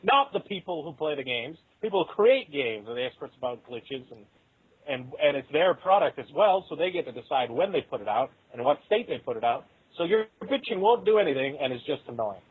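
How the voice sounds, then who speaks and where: A man talks in a casual podcast, swinging between jokes and opinionated rants. His voice sits a little high and comes through muffled, lo-fi audio. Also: very animated, fairly quick, husky, no room sound.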